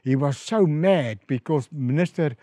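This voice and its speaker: Animated South African pastor, dry sound. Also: male voice, measured pace, no room sound. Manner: animated storyteller, rises in pitch and volume acting out quoted calls. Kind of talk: storytelling in an interview.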